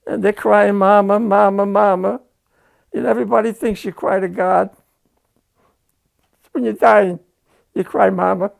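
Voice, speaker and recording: An older man giving a halting, emotional personal war testimony, repeating phrases as he recounts. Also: high voice, fairly even intonation, gravelly.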